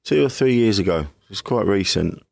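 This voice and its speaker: A middle-aged English comedian talking candidly as a guest, rambling and self-deprecating, often laughing. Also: male voice, fairly low pitch, animated, moderate pace, gravelly, darkish tone, no room sound. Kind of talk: candid casual chat.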